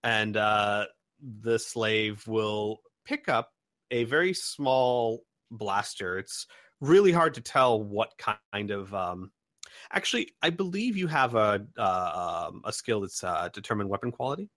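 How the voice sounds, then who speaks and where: A man's voice: lowish voice, lively intonation, unhurried, a bit bright, dry recording, clean studio sound. A man narrating as game master, describing scenes with many ums and restarts. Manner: rambling narration with many fillers.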